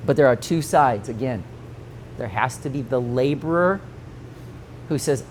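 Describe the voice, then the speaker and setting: A man in his forties, a pastor teaching a conference session, telling stories with lively acted-out quotes and frequent laughter. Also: mid-range voice, a little slow, long pauses, slight background noise. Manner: animated storytelling, acts out quoted voices, laughs often.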